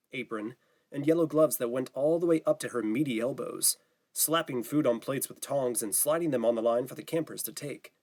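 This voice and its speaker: Male audiobook narrator, mid-pitched, steady, even delivery. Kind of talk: scripted narration.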